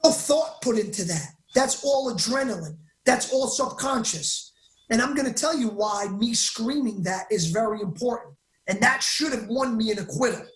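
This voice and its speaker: Excitable man talking fast, roomy sound. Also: extremely high pitch. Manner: excitable, rapid, emphatic, self-interrupting. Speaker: guest. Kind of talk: animated storytelling interview.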